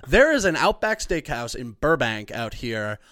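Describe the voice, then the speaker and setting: A man's voice: medium pitch, very animated, normal speed, a bit bright, no room sound, studio quality. A man hosting a podcast interview, joking and swearing casually and laughing often. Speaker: podcast host.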